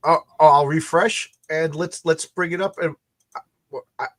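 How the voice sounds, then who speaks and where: A man's voice: a little high, fairly even intonation, normal speed, a bit bright. A tired man hosting a late-night chat, telling rambling stories with many restarts and repeated words. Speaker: comic book creator hosting a launch stream.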